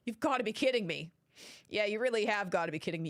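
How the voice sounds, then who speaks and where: A woman playing a courtroom video game, reading its dialogue aloud and reacting with loud, profane outrage. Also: mid-range voice, animated, fast talker, noisy background. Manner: swears and shouts in outraged reactions. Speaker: let's-play gamer. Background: game music.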